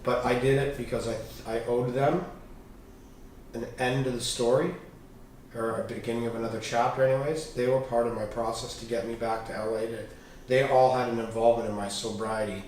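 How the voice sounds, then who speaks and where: A fairly quick-talking man with a mid-range voice appears as a podcast guest, candidly relating personal stories. He swears, stays animated, and acts out what people said. Slight background noise accompanies an echoey room and a far-off mic.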